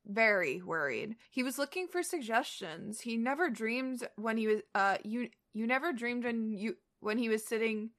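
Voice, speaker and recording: A deep, stern cat spirit speaks slowly and dryly, as a woman reading with friends puts it on. The voice sits a little high for all its effort to sound low and gruff, and stays steady and commanding. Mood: concerned. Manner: pushes her voice low and slow for the cat. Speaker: co-reader. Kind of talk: reading a fanfic aloud with friends.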